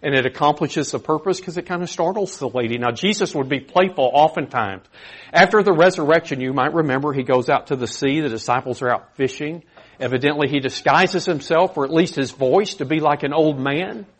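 A man preaching a sermon in an earnest, conversational way, with animated emphasis. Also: on the high side, brisk, breathy edge.

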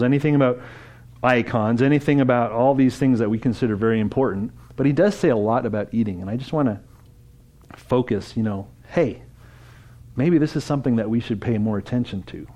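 His voice sits in the mid range with a somewhat mellow quality. Preaching at a conference, this speaker keeps the church talk interactive and conversational, asking the audience questions.

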